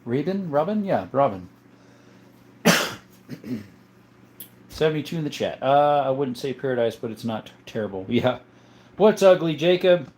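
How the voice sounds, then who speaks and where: Hosting a casual livestream from home, a man with a medium-pitched voice reads viewer comments aloud in a relaxed way. He chuckles often and thinks out loud as he goes.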